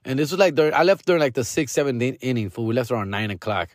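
A man, a comedian hosting his podcast, telling a story in an animated, slangy, profane way on a close mic. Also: medium pitch, very fast, no echo. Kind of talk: casual storytelling.

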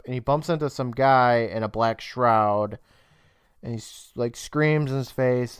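A man co-hosting a podcast, casually retelling a TV episode with laughter and quick quoted lines. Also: medium pitch, clean tone, no room sound, clean studio sound. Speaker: podcast co-host. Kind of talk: casual recap chat.

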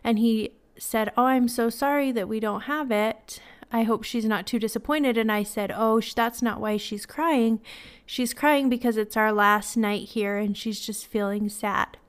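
This is a woman in her thirties hosting a casual podcast. Her voice sits a little high and comes across clear and smooth. She talks in a chatty, sentimental way, with scattered ums and small laughs. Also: fairly even intonation, a little slow. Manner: emotional, tearful at times, sentimental. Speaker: podcast host.

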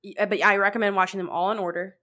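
Woman, podcast co-host, casual chat, rambling, excitable, lots of "like". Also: mid-range voice, quick pace. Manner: rambling, fills with "like"; excitable, laughs often.

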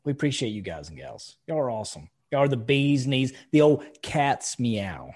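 A man's voice: mid-range voice, normal speed. A man co-hosting a podcast, talking bluntly and with animation in casual chat. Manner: blunt and animated, telling stories with quoted speech. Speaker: podcast co-host.

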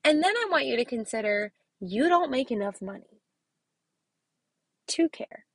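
On her casual motivational podcast, a woman who teaches kindergarten speaks at a measured pace in a high-pitched, expressive, slightly rough voice with no echo. She's emphatic, keeps asking listeners "okay?", and lowers to a whisper to drive points home.

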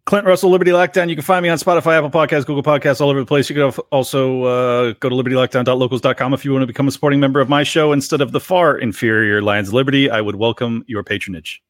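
A man's voice: mid-range voice, steady tone, rapid-fire, few pauses, dry recording, clean studio sound. A man guesting on a podcast, teasing and wisecracking in casual banter.

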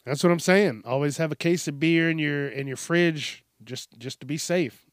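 A man's voice: fairly high pitch, moderate pace, few pauses, no echo, studio quality. A man hosting a casual news commentary show, swearing often, laughing and acting out quotes in exaggerated voices. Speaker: host.

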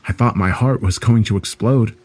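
A man's voice: fairly low pitch, normal speed, a little mellow. A man reading a first-person horror story aloud in a dramatic, scripted narration.

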